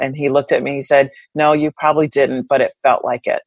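A woman's voice: a bass voice, flat delivery, fast talker, no echo, muffled recording. A woman guest in an interview, telling stories candidly and reflectively, with many fillers and restarts. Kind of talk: conversational interview.

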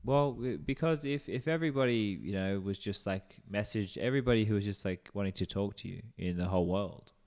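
A man's voice: fairly low pitch, fairly quick, hardly any pauses. A man in casual podcast chat, talking things through at an easy pace. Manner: relaxed, reasoning aloud with fillers.

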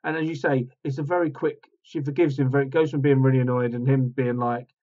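A man's voice: medium pitch, fairly even intonation, fast talker, a little mellow. A man co-hosting a podcast, chatting about a film in an easygoing way with lots of "um" and "like". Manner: easygoing, filler-heavy. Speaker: podcast co-host. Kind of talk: casual film discussion. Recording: slightly dull lo-fi sound.

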